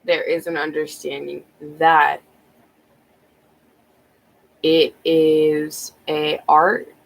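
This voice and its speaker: A woman's voice: low voice, flat delivery, very slow, vocal fry, rough recording. A woman tarot reader talking casually on a live stream, rambling with many ums and restarts, a bit out of breath.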